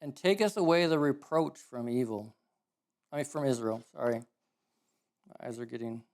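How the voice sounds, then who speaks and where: A man preaching a sermon in a casual, animated storytelling way, correcting himself as he goes. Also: mid-range voice, normal speed. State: emotional.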